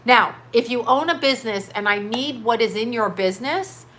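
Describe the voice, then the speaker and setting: A woman's voice: on the high side, fairly bright tone, a little hiss or hum. Emphatic woman in her fifties ranting. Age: 50s. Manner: emphatic, profane, rapid-fire rhetorical questions. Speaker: livestream host. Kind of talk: impassioned livestream rant.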